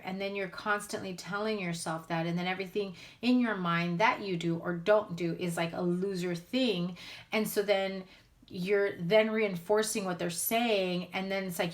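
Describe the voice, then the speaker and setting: A woman's voice: mid-range voice, normal speed. A woman giving a casual spoken tarot reading to her viewers, blunt and candid, speaking straight out. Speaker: tarot reader.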